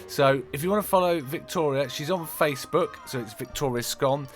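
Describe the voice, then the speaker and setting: A man hosting a podcast, chatty and rambling with many fillers, his voice lowered by a slight cold. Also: fairly quick, faint music behind. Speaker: podcast host. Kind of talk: casual interview chat.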